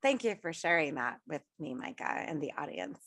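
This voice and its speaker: A woman in her thirties, a podcast host chatting casually, a little sick and rough-voiced, restarting and laughing often. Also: low-pitched, big pitch swings, moderate pace, a bit bright, dry recording, studio quality. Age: 30s. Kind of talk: casual chat.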